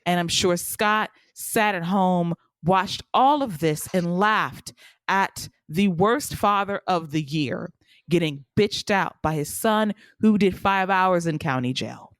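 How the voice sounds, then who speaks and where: A woman's voice: on the low side, slow, no room sound. A woman co-hosting a wrestling podcast, recapping matches in a blunt, sarcastic manner. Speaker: podcast co-host.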